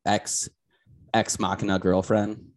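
A man co-hosting a podcast, talking casually with halting speech and many uhs. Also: on the low side, level tone. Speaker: podcast co-host. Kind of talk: casual crude comedy chat.

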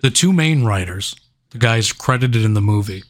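A man's voice: on the low side, lively intonation, normal speed. A man co-hosting a movie review podcast, chatting casually, swearing and laughing as he jokes. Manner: laughing, profane, joking. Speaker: podcast co-host.

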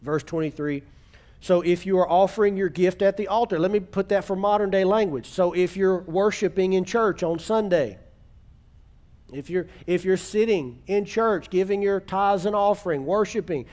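A man preaching a sermon in church, earnest, slowing down to stress key words and calling on the congregation to repeat after him. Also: high-pitched, darkish tone. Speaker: pastor.

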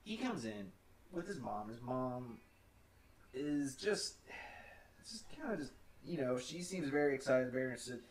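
A man's voice: mid-range voice, very animated, a little slow. A young man co-hosting a casual podcast, telling a long story with many restarts and frequent laughter. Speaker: podcast co-host. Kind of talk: casual chat.

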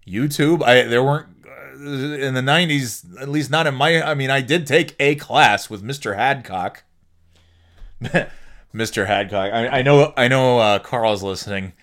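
A man's voice: medium pitch, measured pace, a bit bright. A middle-aged man hosting a podcast in casual chat, rambling and restarting sentences, swearing casually and laughing often. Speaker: podcast host.

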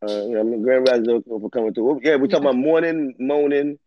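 A man's voice: mid-range voice, fairly even intonation, fast. A man hosting a casual chat, full of crude teasing banter. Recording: dry, dull lo-fi sound.

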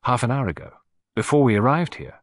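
A man's voice: medium pitch, big pitch swings, natural voice. A man putting on Hercule Poirot, precise and ironic. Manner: precise, measured, lightly ironic. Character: fussy, precise male Belgian detective, middle-aged.

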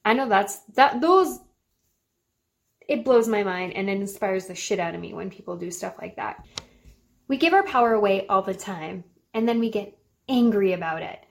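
Earnest woman with a gravelly voice. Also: medium pitch, animated, moderate pace. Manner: earnest, encouraging, laughs now and then. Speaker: podcast host. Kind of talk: motivational self-help talk.

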